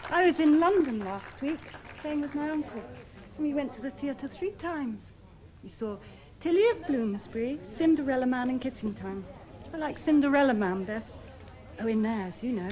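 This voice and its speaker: A woman's voice: high voice, lively intonation, normal speed, darkish tone. A chatty, self-doubting young woman. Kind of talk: televised stage drama.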